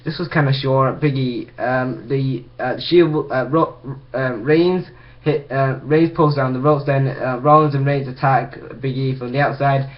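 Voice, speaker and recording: A man's voice: mid-range voice, steady tone, unhurried, dull audio. A man casually recapping a wrestling show for his video channel, rambling with frequent restarts. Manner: rambling, full of ums and restarts.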